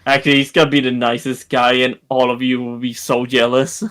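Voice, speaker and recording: A man playing a tabletop game, chatting casually and quick to argue and exclaim. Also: mid-range voice, level tone, a bit bright, clean tone. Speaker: tabletop player.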